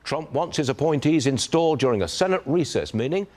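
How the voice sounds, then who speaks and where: A man's voice: fairly high pitch, expressive, brisk, darkish tone. A man reading a scripted television news report in a punchy newsreader delivery.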